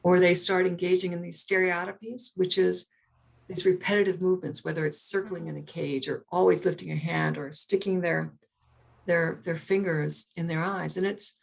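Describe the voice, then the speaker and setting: A woman's voice: lowish voice, vocal fry. A middle-aged woman talking as an interview guest, explaining earnestly with many restarts and repeated words. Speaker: guest, primatologist.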